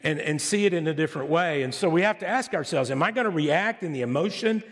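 A man preaching a sermon as pastor, conversational and animated, asking the congregation rhetorical questions. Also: fairly high pitch, fast. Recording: reverberant hall.

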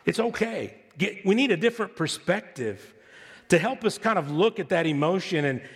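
A man preaching a sermon as pastor, conversational and animated, asking the congregation rhetorical questions. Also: high-pitched, moderate pace, breathy edge. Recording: reverberant hall.

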